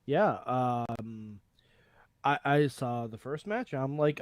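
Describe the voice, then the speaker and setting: A man co-hosting a wrestling talk show by remote line, laid-back and joking, with halting pauses. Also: mid-range voice, lively intonation, no room sound. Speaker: co-host. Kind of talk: casual chat. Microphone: remote call mic.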